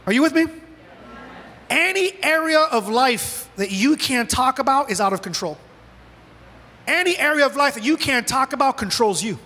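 Male pastor, very high and bright voice, animated sermon delivery, big reverberant church hall. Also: moderate pace. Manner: animated preaching, acts out dialogue with God. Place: church sanctuary.

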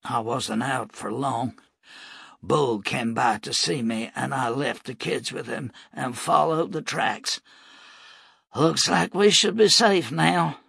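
A man voicing a wounded, loyal young gunfighter who talks weakly and slowly. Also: medium pitch, a bit bright, no echo, studio quality, voice pushed up, full character voice. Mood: weary. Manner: weak, breathy and slow.

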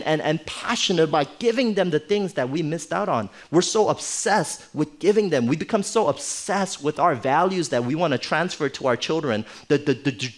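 Middle-aged male pastor, chatty sermon style, slightly high voice that moves a lot. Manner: conversational, animated storytelling with playful asides. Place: church.

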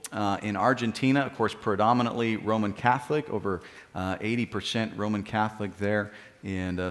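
A man leading church announcements as pastor, encouraging and halting, with frequent filler sounds. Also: fairly low pitch. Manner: encouraging, praising children after they recite. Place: church sanctuary. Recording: live-streamed church service with long hall reverb.

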